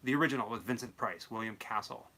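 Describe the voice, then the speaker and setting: A young man with a bright, forceful voice co-hosts a late-night talk show. He talks in an easygoing, chatty way and laughs readily. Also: mid-range voice, fast talker. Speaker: co-host. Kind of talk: casual late-night chat.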